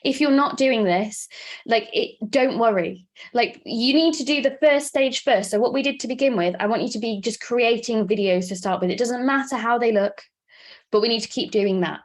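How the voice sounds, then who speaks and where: A woman with a Welsh accent teaching a live online workshop, chatty and fast-talking, laughing often. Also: a little high. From Wales. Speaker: presenter and coach.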